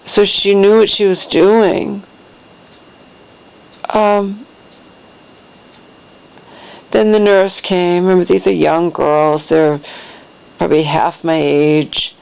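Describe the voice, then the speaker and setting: Middle-aged woman vlogger, emotional rambling storyteller, slight fry, muffled low-fi sound. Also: steady tone, slow, pauses often. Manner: rambling, emotional retelling with restarts. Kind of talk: personal storytelling to camera.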